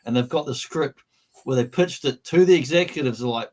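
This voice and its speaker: A man's voice: mid-range voice, brisk. A man co-hosting a casual livestream, talking chattily and laughing easily. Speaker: co-host.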